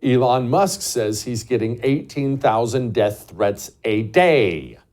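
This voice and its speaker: A man's voice: mid-range voice, animated, slow, a little mellow. A man hosting a show, delivering a scornful, emphatic political commentary monologue full of rhetorical questions. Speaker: show host.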